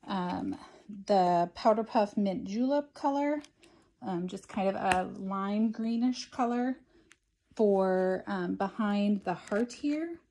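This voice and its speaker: A craft tutorial host walks through a project step by step in a soft, mellow voice. She's casual and chatty, often filling pauses with ums, and her pitch stays in an ordinary middle range.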